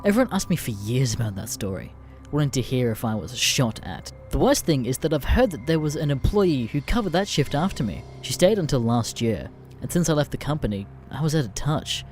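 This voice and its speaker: A man narrating an internet horror story in a deadpan, profane way. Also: medium pitch, a little fast, faint music behind. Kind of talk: scripted narration of internet stories.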